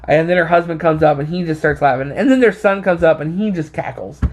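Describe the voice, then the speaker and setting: A man with a slightly raised pitch tells a casual story in a loose, rambling way. He stumbles over restarts and leans on fillers. He sounds a little short of breath. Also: brisk, a little hiss or hum. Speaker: vlogger.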